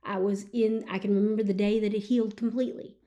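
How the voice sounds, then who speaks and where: A woman speaks as a podcast guest, sharing a hard personal testimony. Her delivery is earnest and animated, and her voice sits at an ordinary middle pitch. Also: quick pace, muffled recording. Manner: earnest and animated, with frequent "you know what I'm saying". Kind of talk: emotional personal storytelling.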